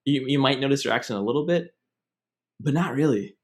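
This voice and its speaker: A man's voice: medium pitch, lively intonation, fairly quick. A young man hosting a podcast, telling stories in a loose, rambling, casual way. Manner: rambling, digressive storytelling. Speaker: podcast host. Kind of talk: casual chat.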